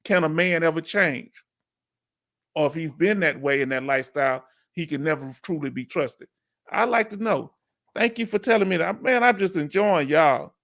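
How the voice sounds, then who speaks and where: A man hosting a live stream, chatting casually and asking viewers questions with drawn-out emphasis. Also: fairly high pitch, animated, vocal fry, a bit bright.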